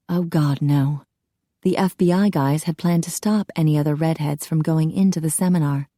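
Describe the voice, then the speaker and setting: A woman narrating a romance audiobook in a measured storytelling manner, on a close studio mic. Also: low voice, warm tone, no echo. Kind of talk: scripted narration.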